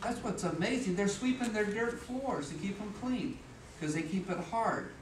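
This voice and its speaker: A middle-aged man speaks in a fairly high voice, mixing jokes and acted-out voices into a motivational talk at an office meeting. He sounds far from the mic in an echoey room. Steady background noise sits behind him. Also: normal speed. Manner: humorous, animated, acts out voices and sounds.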